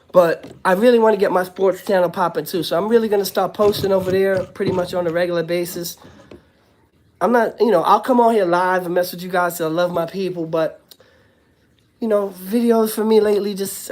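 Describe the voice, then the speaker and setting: A man's voice: high voice, slight background noise. A man hosting a casual livestream while sick and coughing, loose and profane, greeting viewers by name and talking to his little son. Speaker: livestream host, former prisoner. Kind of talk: casual live-stream chat with viewers.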